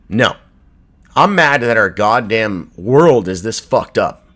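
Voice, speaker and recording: A man hosting a crypto livestream who rants angrily and swears, with outbursts that drop into low mutters. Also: big pitch swings, slow. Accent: Canadian English. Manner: furious, profane, swinging from shouting to low mutters. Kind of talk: angry livestream rant.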